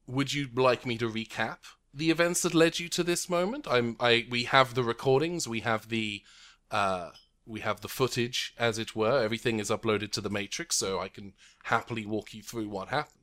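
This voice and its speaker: A man voicing a cold, dismissive male Time Lord official in a tabletop game, formal with halting restarts. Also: medium pitch, a bit bright, natural voice. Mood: officious.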